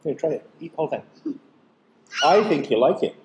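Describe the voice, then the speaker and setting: A man hosting a casual taste-test vlog with his son, chatty, explaining things and teasing gently. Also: fairly high pitch, animated, a little fast, slight background noise. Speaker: host and dad.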